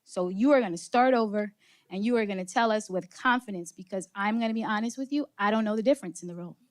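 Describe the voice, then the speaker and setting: Energetic woman working a conference crowd. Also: mid-range voice, quick pace. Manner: energetic, engages audience with questions and laughs. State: slightly out of breath. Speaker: speaker leading a workshop session. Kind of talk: interactive motivational talk. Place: conference room with live audience.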